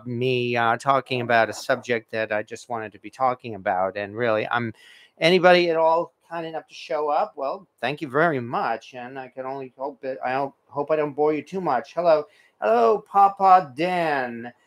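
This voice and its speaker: A man hosting a casual cooking livestream from his home kitchen, rambling with lots of fillers and restarts. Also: medium pitch. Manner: rambling, many fillers and restarts, self-deprecating. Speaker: cooking channel host.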